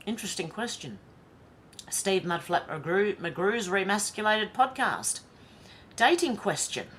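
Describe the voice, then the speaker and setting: A woman's voice: mid-range voice, sing-song, takes it slowly, long pauses, a bit bright, slight background noise. An Australian woman vlogger reading social media posts aloud and commenting on them in a chatty, wry way. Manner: chatty and wry, with sighs and asides.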